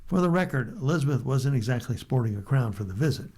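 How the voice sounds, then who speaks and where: A man with an American accent reading newspaper stories aloud for a radio reading service, steady and unhurried with light asides. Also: mid-range voice, rough recording.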